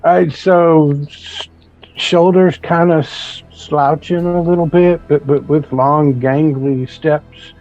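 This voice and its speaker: A laid-back man plays a tabletop game and calls people "man" and "dude". He speaks very slowly in a gravelly voice. The recording is dull and lo-fi, with music faint behind him. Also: fairly high pitch, steady tone, a little mellow. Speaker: player.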